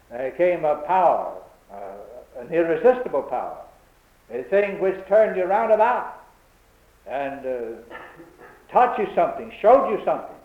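A man preaching a sermon in an old-time cadence, building to fervent, emphatic peaks. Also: fairly high pitch. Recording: tinny phone-like, echoey room.

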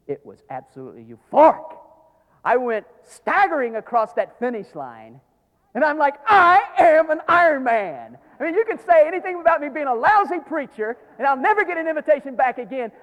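Pastor guy preaching, high voice jumping all over, whispers to shouts, big echoey church. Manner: dramatic storytelling with big swings from hushed to shouting. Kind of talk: sermon. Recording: long hall reverb.

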